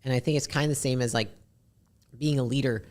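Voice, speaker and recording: A woman with a deep, raspy voice, a podcast guest talking bluntly and candidly, swearing casually. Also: fairly even intonation, a little mellow. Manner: blunt, swears casually, talks fast in bursts.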